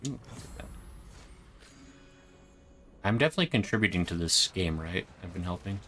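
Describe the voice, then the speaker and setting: A man's voice: deep voice, expressive, moderate pace, a bit bright, soft background music. A man chatting casually while gaming online with friends, full of teasing dry jokes. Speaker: streamer playing online.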